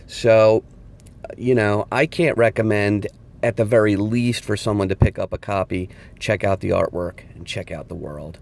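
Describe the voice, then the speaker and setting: A man's voice: on the low side, steady tone, normal speed, creaky, darkish tone. A man leaving a casual, enthusiastic voicemail call-in to a podcast. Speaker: caller.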